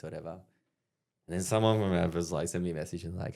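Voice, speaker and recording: Aussie comedian bloke spinning sweary stories, real low voice with lots of fry. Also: male voice, quick pace. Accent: Australian. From Australia. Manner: profane, animated anecdotes. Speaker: guest comedian. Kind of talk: casual storytelling chat.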